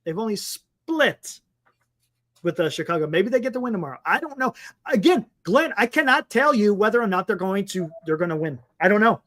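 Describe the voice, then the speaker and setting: A man's voice: sits high, animated, fast, fairly bright tone. A man co-hosting a casual sports talk show, chatting and reading out viewer comments, often repeating himself.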